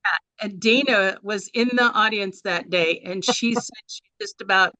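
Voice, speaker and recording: A chatty woman leads a workshop over a video call, rambling a little as she talks. Her voice is bright and forward, recorded dry with no room sound. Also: medium pitch, measured pace, dry recording. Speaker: workshop presenter.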